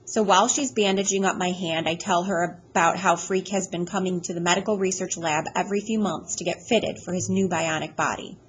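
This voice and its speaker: A woman reading a first-person audiobook chapter aloud in a plain, steady storytelling manner. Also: on the low side, fairly quick, hardly any pauses, a little hiss or hum, rough recording. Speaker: audiobook reader.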